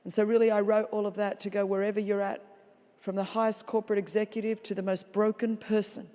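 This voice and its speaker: A woman preaching a sermon as a guest speaker in a large church, animated and playful, with comic asides. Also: mid-range voice, quick pace. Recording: long reverb of a large hall.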